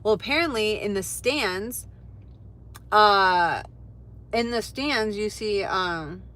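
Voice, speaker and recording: A young woman chatting casually to her live stream viewers, animated and full of fillers and swearing. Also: mid-range voice, slow. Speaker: livestreamer. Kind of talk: casual storytelling to a live chat.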